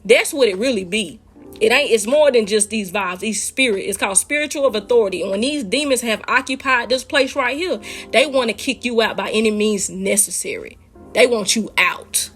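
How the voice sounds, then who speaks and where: Husky-voiced woman teaching faith, casual. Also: a little high, moderate pace, soft background music. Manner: animated, talks straight to listeners as "y'all". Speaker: speaker sharing a faith testimony. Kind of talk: casual spiritual teaching and storytelling.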